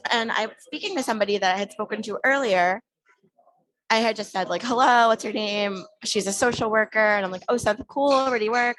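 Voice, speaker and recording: A woman's voice: a little high, low-quality recording. A woman guest on a podcast, casually telling a story and animatedly acting out the back-and-forth she had with others. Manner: animated retelling, acting out quoted exchanges.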